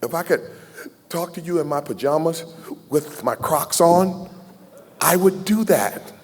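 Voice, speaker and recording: A man in his sixties speaks from the podium at a scholarship gala, heartfelt and folksy, slipping in jokes as he opens the floor to questions. His voice sits a little high for a man. A long ballroom reverb trails after every phrase. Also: expressive, a little slow. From Southern United States. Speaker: keynote speaker. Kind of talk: emotional speech at a gala, taking audience questions. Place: large banquet hall.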